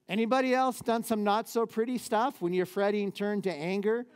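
A man, a pastor, preaching a lively sermon in a church with casual, conversational asides. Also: sits high, moderate pace, hardly any pauses, smooth.

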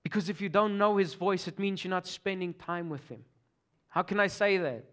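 A pastor with an Afrikaans South African accent preaching a sermon, swinging from loud urgent calls to hushed, near-whispered passages. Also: male voice, high voice, normal speed.

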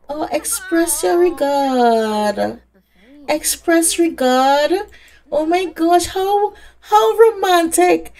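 A woman's voice: high-pitched, mellow. A woman giving casual let's-play commentary, chatting away and talking to the game characters. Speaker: gaming creator.

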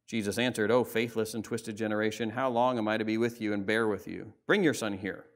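A pastor preaching a sermon in a church, reading scripture and explaining it in a conversational way with frequent asides. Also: male voice, fairly low pitch, steady tone, a little fast. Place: church sanctuary.

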